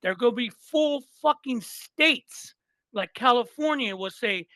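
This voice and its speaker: A man on a podcast as a guest in casual chat, animated and swearing freely, retelling comedy bits and repeating himself for emphasis. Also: very high-pitched, a little slow, dry recording.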